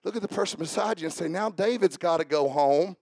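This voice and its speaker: A man preaches to a church congregation, his voice pitched fairly high and rough with gravel. He climbs to shouted exhortations, then drops low for wry asides to the room. The sound is dry and close. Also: a little fast, no echo. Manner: swings from shouted exhortation to quiet joking asides. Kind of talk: sermon.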